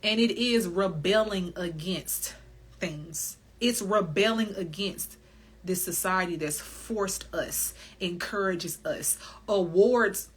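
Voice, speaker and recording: A woman hosting a wellness podcast, talking candidly on her own in an animated, emphatic way, swearing freely and laughing often. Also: mid-range voice, slow, slightly rough. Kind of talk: candid solo podcast monologue.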